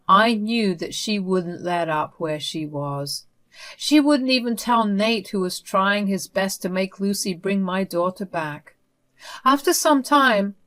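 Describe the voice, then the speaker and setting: A woman's voice: medium pitch, a bit bright. A woman narrating a first-person story in a tense, dramatic retelling.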